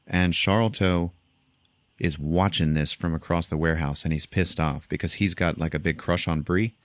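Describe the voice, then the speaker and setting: Low-voiced man recapping a movie. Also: normal speed, no echo. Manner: animated storytelling, acts out characters in high voices. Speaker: podcast host.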